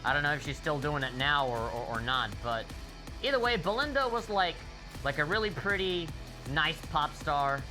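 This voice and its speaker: A man's voice: on the high side, very animated, moderate pace. A young man streaming a rhythm game, telling a rambling, profane story. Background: faint game music.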